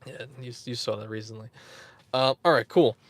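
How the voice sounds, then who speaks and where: A man's voice: mid-range voice, steady tone, normal speed, creaky, no echo. A man hosting a casual livestream, rambling, chuckling and answering viewers in the chat. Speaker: YouTube host.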